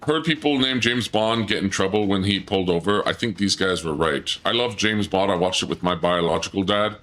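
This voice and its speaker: A man's voice: deep voice, a little fast. A man streaming a video game, chatting playfully with his viewers and reading their messages aloud. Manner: playful, reads chat aloud, bursts into excited shouts. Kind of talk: casual let's play chat with viewers.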